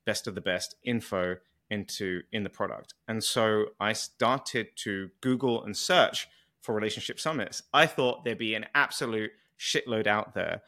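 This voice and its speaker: Bright-voiced British man hosting a podcast. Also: on the low side, moderate pace. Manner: friendly, enthusiastic, loose with small restarts. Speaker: podcast host. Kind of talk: casual interview chat.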